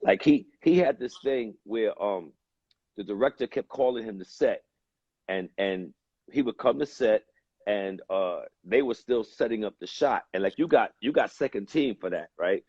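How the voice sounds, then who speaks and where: Man, husky voice, rambling casual story, lots of fillers, dull lo-fi sound. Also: fairly low pitch, moderate pace, a little mellow, no room sound. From United States. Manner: laid-back, rambling with many fillers. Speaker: guest.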